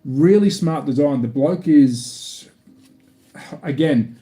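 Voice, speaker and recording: Chatty Australian man, mellow voice. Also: on the high side, slow pace. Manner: rambling, chatty, restarts often. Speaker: hobby model builder streaming live. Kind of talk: casual live-stream chat while building.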